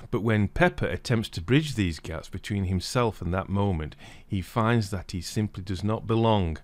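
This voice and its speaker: A man narrating a scripted video essay in a steady reading voice. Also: on the low side, normal speed, dry recording. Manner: steady reading, livelier when reading quoted passages.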